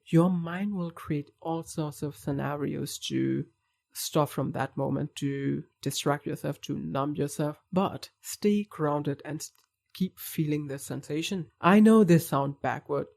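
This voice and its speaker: A man's voice: on the high side, creaky, darkish tone. A man coaching viewers through anxiety recovery in an earnest, reassuring self-help talk, speaking straight to the listener.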